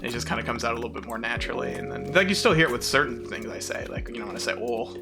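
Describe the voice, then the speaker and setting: A man's voice: medium pitch, animated, very fast, music in the background. A man from the southern United States with a mild southern accent, chatting casually and rambling while streaming a game and reading chat aloud.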